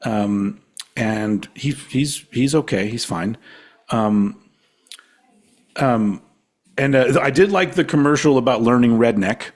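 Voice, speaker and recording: A man from Texas co-hosting a podcast, chatting casually with a rambling, swearing delivery that sometimes trails off quietly. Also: mid-range voice, takes it slowly, pauses often. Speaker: podcast co-host. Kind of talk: casual chat.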